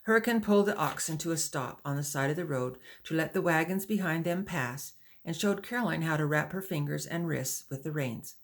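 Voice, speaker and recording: Give me a woman reading an audiobook in a measured storytelling voice, a little gravelly. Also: deep voice. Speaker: audiobook narrator. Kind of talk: audiobook narration.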